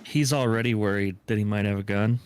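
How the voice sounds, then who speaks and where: A man's voice: on the low side, fairly even intonation, fairly quick, smooth. A man from Texas on a casual livestream, laid-back and asking questions. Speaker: livestream co-host.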